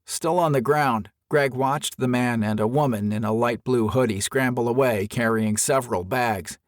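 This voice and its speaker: A man narrating a novel as an audiobook, expressive storyteller. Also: mid-range voice, normal speed, no echo, studio quality. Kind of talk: scripted narration.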